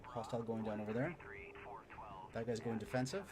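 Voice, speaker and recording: A man streaming a flight sim, explaining his systems and muttering excited remarks while he fights. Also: mid-range voice, brisk. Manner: excitable, mutters to himself mid-dogfight. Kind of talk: live gameplay commentary and tutorial.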